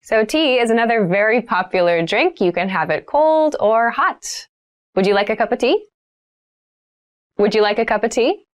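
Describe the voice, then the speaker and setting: A woman's voice: fairly high pitch, expressive, moderate pace. A woman teaching English vocabulary, saying each word and example sentence three times and then explaining it plainly. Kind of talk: slow, clear vocabulary lesson with repeated words.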